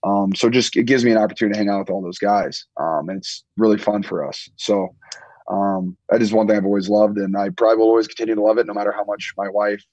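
A man's voice: steady tone, fast talker, a little mellow, dry recording. A young man in his twenties, casually chatting as a podcast host in a laid-back, rambling way with plenty of ums. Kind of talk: casual chat. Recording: muffled low-fidelity audio.

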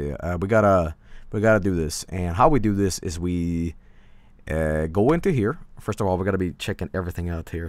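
Male game streamer, low but animated voice, profane, easily startled, loose casual chatter. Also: no room sound. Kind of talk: casual gameplay commentary.

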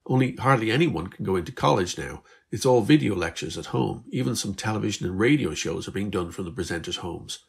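A man's voice: lowish voice, animated, fairly quick, vocal fry, few pauses, breathy edge, full character voice. A man voicing Beth, an Irish teenage girl who is weary but hopeful, in a slightly raised, chatty, earnest voice. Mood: explaining.

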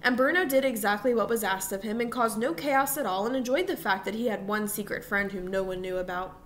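A woman reading a novel aloud with steady, unhurried narration. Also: mid-range voice, slight background noise. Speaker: audiobook reader. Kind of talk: storybook narration.

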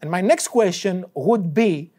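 A man's voice: high-pitched, expressive, unhurried, warm tone. A male economics professor telling an anecdote during a university lecture, a non-native English speaker who acts out both sides of the dialogues as he goes. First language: not English.

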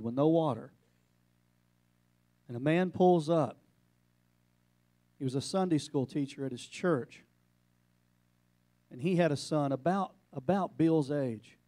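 A male pastor preaching a sermon, telling a story with emphatic bursts and quiet, hushed passages. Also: a little high, no echo. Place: church sanctuary.

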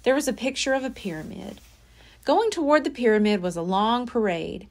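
A woman's voice: fairly high pitch, expressive, normal speed. A woman library storyteller reading a children's chapter book aloud with expression. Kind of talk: children's read-aloud narration.

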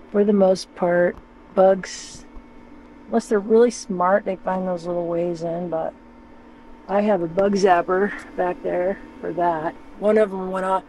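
A man's voice: high-pitched, flat delivery, unhurried, a little mellow, slight background noise, low-quality recording. A man vlogging casually from inside his camper van, rambling and joking and talking to his dog. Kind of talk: casual vlog chatter.

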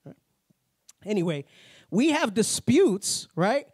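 A man teaching a Bible class in a plain-spoken, conversational way, tagging his points with a quick "right?". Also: sits high, sing-song, husky, dry recording, clean studio sound. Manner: tags nearly every point with "right?"; plain-spoken, slangy asides.

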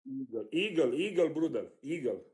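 A Romanian man with a Romanian accent on a video call, pushing through broken English by repeating single words over and over. His voice sits a little high for a man. The sound has the plain pickup of a video call. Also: animated, normal speed, a little mellow. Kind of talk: casual video chat.

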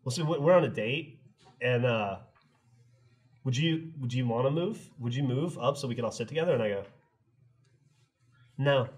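A man's voice: medium pitch, normal speed, pauses often, breathy edge. A middle-aged man on a podcast, telling a long story in casual chat and acting out both sides with laughs. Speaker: podcast co-host.

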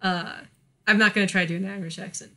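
A woman's voice: mid-range voice, fairly even intonation, quick pace, creaky, sharp tone. An American woman co-hosting a podcast, talking in a chatty way, with many fillers, and laughing often. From United States. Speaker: podcast co-host. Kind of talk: casual chat.

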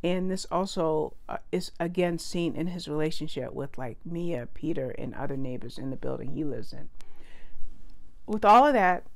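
A woman's voice: low-pitched, animated, moderate pace, creaky. A woman giving a casual spoken book review, chatty and prone to correcting herself and wandering into asides.

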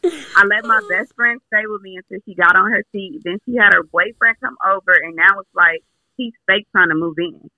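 Bright, high-voiced male co-host. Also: moderate pace, no room sound, dull audio. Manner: reads letters aloud, playful teasing. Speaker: co-host reading listener questions. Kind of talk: casual podcast chat.

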